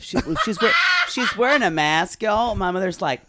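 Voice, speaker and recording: A man's voice: high-pitched, expressive, moderate pace, hardly any pauses, very noisy. A man co-hosting a podcast, chatting casually, swearing and gossiping. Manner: swearing, gossipy, slips into mocking quotes. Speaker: podcast co-host. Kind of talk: casual chat.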